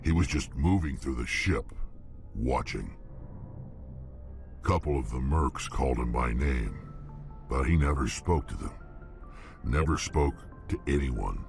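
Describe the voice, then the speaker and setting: A hulking alien mercenary from a video game, his voice sunk to an extremely low rumble. It grinds with a gravelly rasp. He talks in blunt, clipped bursts. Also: expressive, measured pace, long pauses, music in the background, exaggerated voice. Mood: gruff. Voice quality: deep gravelly growl. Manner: blunt, clipped, terse sentences. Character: huge gruff alien mercenary, male, battle-hardened.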